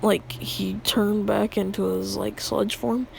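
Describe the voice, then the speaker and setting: A woman's voice: medium pitch, flat delivery, takes it slowly, vocal fry, a little mellow, a little hiss or hum. A young woman casually retelling a made-up story in a rambling, filler-heavy way, laughing at her own jokes.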